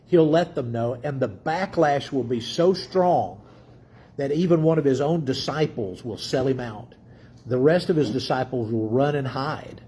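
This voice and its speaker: Pastor teaching in a mellow voice. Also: male voice, mid-range voice, a little slow, slightly rough. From Dallas, Texas. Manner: conversational, with filler words and restarts, asks the congregation questions. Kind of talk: teaching sermon.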